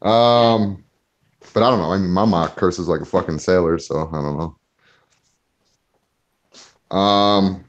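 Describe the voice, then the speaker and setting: Low-voiced cursing podcast host, lo-fi. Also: male voice, slow pace, pauses often. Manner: profane, laughs a lot, gets heated. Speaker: podcast host reading chat. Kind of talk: casual podcast chat.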